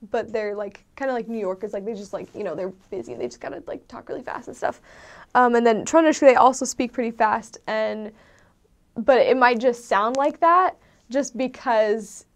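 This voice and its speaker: A woman in a casual, meandering chat who explains things with many ums and loose asides. She is an outsider to the country she describes. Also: on the high side. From not from Norway. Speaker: vlogger explaining dialects.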